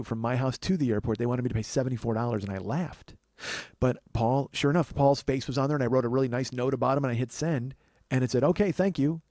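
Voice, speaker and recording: A man hosting a podcast spins profane, meandering comic tales in quick bursts, voicing the quotes as he goes. His voice is medium in pitch and warm, captured in a dry recording.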